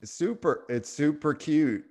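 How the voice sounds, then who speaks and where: A man's voice: a little high, animated, slow pace, warm tone. A middle-aged man telling a story on a casual spiritual podcast, reflective and full of small restarts. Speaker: podcast co-host.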